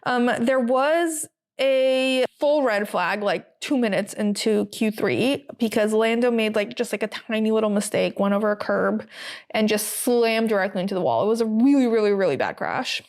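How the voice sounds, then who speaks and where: A woman's voice: fairly high pitch, moderate pace, a little mellow. An American woman hosting a podcast, recapping in a chatty, casual way with many fillers and wry asides. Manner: chatty, lots of ums and likes, wry asides. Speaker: podcast host. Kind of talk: casual solo recap chat.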